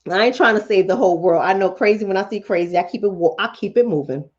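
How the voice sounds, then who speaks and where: A woman's voice: mid-range voice, fast, a little mellow, dull audio. A woman hosting a mental health livestream in casual chat, blunt and profane, talking straight to her viewers. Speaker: mental health talk show host.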